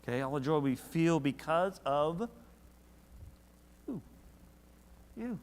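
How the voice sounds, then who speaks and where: A man's voice: on the high side, slow, in a large hall. A man leading a church Bible study in a casual, conversational way, often asking the class questions. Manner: conversational, asks the class questions, animated when reading verses.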